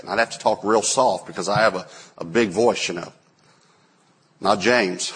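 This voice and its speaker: A man in his forties, a pastor preaching a sermon, telling stories and acting out quotes with sudden loud bursts. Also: lowish voice, fairly quick, slightly rough. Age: 40s.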